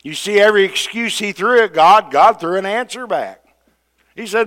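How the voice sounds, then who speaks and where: A man preaching a sermon, retelling scripture with dramatic quoted voices. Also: moderate pace. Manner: dramatic, acts out quoted voices with rising pitch and loudness.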